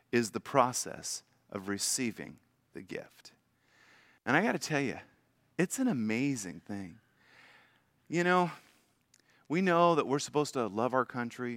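An older man preaching a sermon as a guest preacher, with emphatic rises to loud lines and soft drops at the ends of phrases. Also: medium pitch, no echo.

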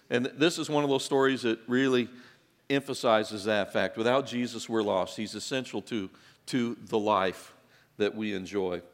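Chatty pastor in a reverberant hall. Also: male voice, fairly low pitch. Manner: conversational, humorous asides, repeats words. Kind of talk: sermon. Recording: long reverb in a large hall.

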